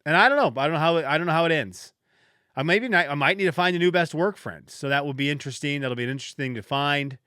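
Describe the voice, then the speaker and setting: A man's voice: a little high, expressive, fast talker, sharp tone, clear, resonant tone, no room sound. A man hosting a podcast alone, telling stories in a rambling, self-deprecating way with frequent restarts, close to the mic. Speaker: podcast host. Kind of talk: casual solo podcast monologue.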